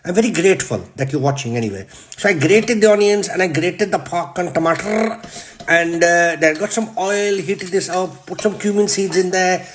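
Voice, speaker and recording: A man with a Yorkshire accent hosting a comic cooking demonstration, brash and deadpan, swearing constantly as he talks through the steps. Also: high voice, normal speed, a little hiss or hum. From Yorkshire, England. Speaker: cooking show host.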